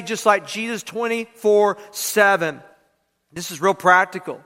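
A man's voice: high-pitched, measured pace, bright, forceful tone, big-room sound, soft background music. A man preaching a sermon to his congregation, who leads them in repeating key lines aloud. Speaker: pastor. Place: church sanctuary.

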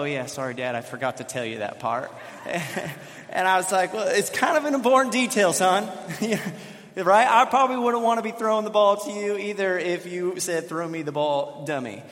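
A man's voice: sits high, a bit bright. A man preaching a sermon as pastor, telling a family story in a chatty way and often checking in with "right?". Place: church sanctuary. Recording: long reverb of a large hall.

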